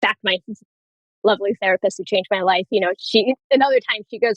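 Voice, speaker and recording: A woman's voice: mid-range voice, fast talker, fairly bright tone, no room sound, highs cut off. Woman nurse practitioner on a podcast, candid, tells stories, dry close mic. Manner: candid, storytelling, laughs often. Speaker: pediatric nurse practitioner guest. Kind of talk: casual interview chat.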